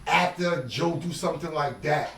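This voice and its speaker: A man's voice: a little high, normal speed, creaky, fairly bright tone, a little hiss or hum. A man hosting a casual interview, mostly giving short prompts and asking follow-up questions. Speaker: podcast host. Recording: echoey room, distant mic, crowd behind.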